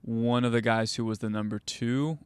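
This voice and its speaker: Young guy coach rambling on, smooth voice, dry close mic. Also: medium pitch, steady tone, normal speed, dry recording. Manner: rambling, many fillers and restarts. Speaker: goalkeeper coach and podcast host. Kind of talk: casual conversational storytelling.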